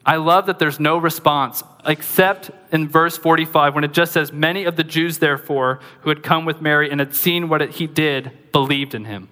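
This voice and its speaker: A man preaching a sermon as pastor, lively and conversational, with joking asides to the congregation. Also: fairly high pitch, normal speed, few pauses, big-room sound.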